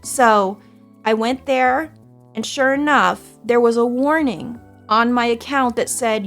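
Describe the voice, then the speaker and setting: A fairly high-voiced woman from Canada rambles through a casual stream, tired from too little sleep. She swears freely and talks in anxious, tumbling restarts, with faint music playing underneath. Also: unhurried, fairly bright tone.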